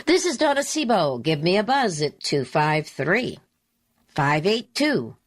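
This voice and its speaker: A woman talk show host telling a story in a slow, deliberate, emphatic way, repeating her key phrases. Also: on the low side, sing-song. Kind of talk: storytelling monologue.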